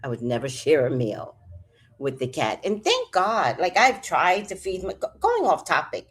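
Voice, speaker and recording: A woman's voice: deep voice, very animated, moderate pace, breathy edge. A woman chatting casually on a livestream, reading out comments with rambling, profane asides and jokes. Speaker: vlogger.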